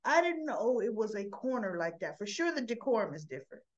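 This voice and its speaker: A woman casually retelling a soap opera episode in a chatty way, jumping up in pitch to act out the characters' lines. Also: very animated, a little fast, dull audio. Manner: chatty, acts out quotes with rising pitch. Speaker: soap opera recap vlogger.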